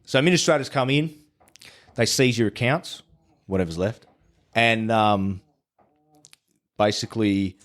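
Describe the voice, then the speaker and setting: A man's voice: lowish voice, unhurried, pauses often. A man who is a podcast guest tells his story in casual chat. He swears freely and often restarts his sentences.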